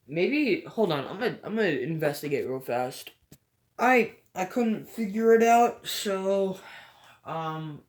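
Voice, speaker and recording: A woman giving casual gameplay commentary, rambling and hesitant with frequent stutters and a low-energy, halfhearted delivery. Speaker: gaming vlogger. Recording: echoey room.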